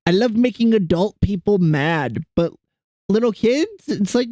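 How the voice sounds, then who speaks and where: A man's voice: sits high, expressive, a little slow, dark tone, no room sound, studio quality. A man streaming and chatting casually with his viewers, rambling and self-deprecating as he greets people in chat.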